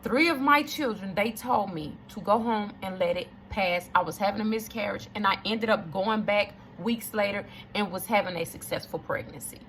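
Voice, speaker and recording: An emphatic woman, speaking straight to her viewers. Her voice is bright and forceful, with a gravelly fry, and a faint hiss of noise sits behind it. She drives her points home by repeating them. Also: mid-range voice, moderate pace, hardly any pauses. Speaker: storyteller addressing viewers. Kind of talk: casual testimony to camera.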